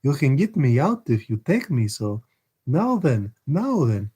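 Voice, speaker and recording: A man's voice: mid-range voice, very animated, measured pace, dark tone, slightly rough, voice pushed up. A man voicing a fierce old male criminal in a storybook reading, frantic and wheedling by turns. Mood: desperate. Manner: wheedling, desperate pleading.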